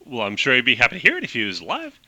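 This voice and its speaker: A breezy, folksy woman flier from another era, as a man puts her on. She talks fast and clipped, her voice bright and sharp, leaping up and down in pitch. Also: huge pitch swings, a little hiss or hum, full character voice. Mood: chirpy. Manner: fast clipped old-fashioned talk, folksy exclamations. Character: brisk chatty woman aviator, cheerful and folksy.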